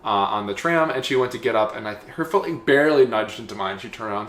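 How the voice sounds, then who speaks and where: A man's voice: lowish voice, fast talker, few pauses, a bit bright, a little hiss or hum. Chatty man in an echoey room. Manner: rambling, lots of "like" fillers. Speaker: podcast co-host. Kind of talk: casual travel chat. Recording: echoey room, faint ambience.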